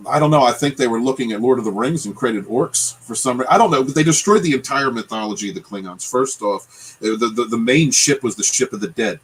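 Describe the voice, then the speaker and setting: A man's voice: medium pitch, a little fast, slightly rough, low-quality recording. A man in a casual podcast chat, ranting and swearing as he talks. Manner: ranting, profane. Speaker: guest, channel creator.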